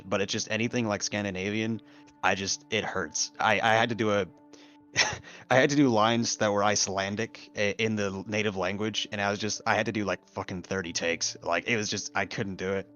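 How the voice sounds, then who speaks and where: A man with a fairly low voice chatting as a podcast guest. He laughs often and drops the odd swear. His tone stays loose and easygoing throughout. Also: fairly even intonation, normal speed, a bit bright, soft background music. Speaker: guest voice actor. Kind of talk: casual podcast chat.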